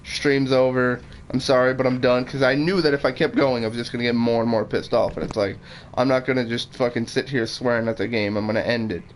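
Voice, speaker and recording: Man explaining calmly over gaming chat. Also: mid-range voice, brisk, a little hiss or hum. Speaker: co-player.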